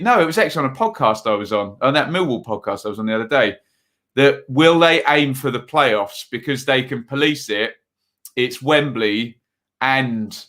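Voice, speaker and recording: This is a man hosting a live football stream in a relaxed, chatty way. His voice is bright and forward and sits in a middle pitch. He rambles loosely with plenty of fillers, reading out viewer comments between quick match updates.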